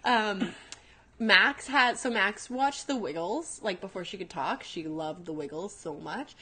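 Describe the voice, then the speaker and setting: A woman in her thirties co-hosts a casual chat with an average-pitched voice. She tells stories animatedly, acting out what others said and laughing often. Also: lively intonation, unhurried, bright, forceful tone, breathy edge. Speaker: co-host, personal trainer.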